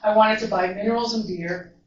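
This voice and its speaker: A woman's voice: mid-range voice, fairly even intonation. Woman telling a story in an echoey hall. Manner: earnest, measured, emphatic storytelling. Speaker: guest speaker and mental health counselor. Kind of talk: storytelling talk to a live audience. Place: large echoey event room. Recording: echoey, distant, dull live recording.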